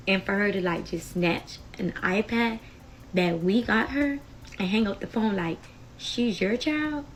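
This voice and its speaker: A woman's voice: medium pitch, measured pace, a little hiss or hum, rough recording. A young adult woman telling a heated story to her viewers in a casual, emotional vlog style, talking straight to them as y'all. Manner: chatty, addresses viewers as y'all. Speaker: storytime vlogger.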